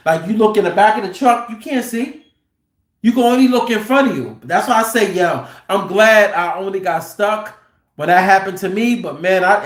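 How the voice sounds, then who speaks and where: Animated truck driver man in an echoey room. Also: sits high. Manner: animated, profane, acts out quotes loudly. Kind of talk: casual storytelling. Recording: roomy echo.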